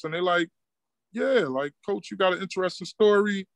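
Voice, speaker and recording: A middle-aged man from Newark, a basketball coach telling stories in a relaxed street style and acting out what people said. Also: high voice, brisk, dry recording. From Newark, New Jersey. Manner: laid-back street talk, acts out quoted dialogue. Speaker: high school basketball coach, guest. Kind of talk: casual storytelling interview.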